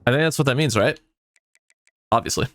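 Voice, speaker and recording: A man commenting on his own football video game dynasty, excitable and swearing often as his mood swings between hype and outrage. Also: mid-range voice, fairly quick, dry recording, clean studio sound. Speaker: gaming YouTuber. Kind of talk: let's play commentary.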